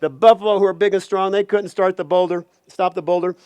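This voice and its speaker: A man telling a folk tale aloud, animated, with playful asides. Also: sits high, quick pace, smooth, no room sound. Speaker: storyteller.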